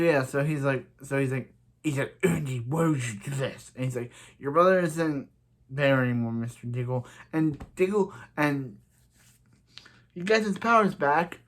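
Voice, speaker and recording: A man's voice: on the high side, fairly bright tone. A young man casually recapping and ranting about a TV episode, rambling with many restarts and growing heated. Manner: rambling, repeats "he's like" and "so yeah", heated. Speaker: TV episode reviewer.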